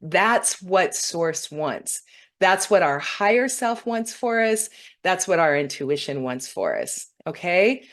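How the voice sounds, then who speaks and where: This middle-aged woman talks to her viewers in an earnest, heartfelt way, her voice sitting a little low. She gets emotional as she speaks about spirit and intuition, coaching the listener with gentle encouragement. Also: sing-song, slow. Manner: earnest, warm-hearted, often tearful when moved. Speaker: spiritual teacher hosting a weekly broadcast.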